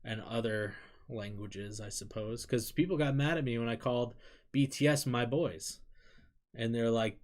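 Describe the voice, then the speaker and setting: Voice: mid-range voice, normal speed, a little mellow. An adult with an American accent chatting casually on a live stream, candid and rambling, swearing freely and laughing often while reading chat.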